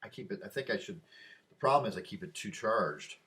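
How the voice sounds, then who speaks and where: An older man with a fairly low voice talks through a wandering vlog monologue. He gets sidetracked by asides, then turns emphatic and insistent once he is back on his argument. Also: animated, fairly quick, bright, forceful tone. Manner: easily distracted, wandering asides. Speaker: vlogger. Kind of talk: rambling opinion monologue.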